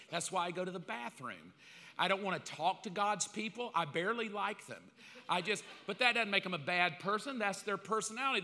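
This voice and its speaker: A man preaching a sermon with comic asides, bursting into loud acted-out calls now and then. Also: high voice. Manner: comic, animated, acts out quotes in loud bursts. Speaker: pastor. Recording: long hall reverb.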